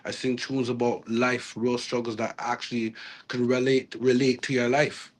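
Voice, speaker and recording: A man's voice: medium pitch, level tone, moderate pace. A man, a reggae artist talking casually in an interview, rambling with restarts and slang.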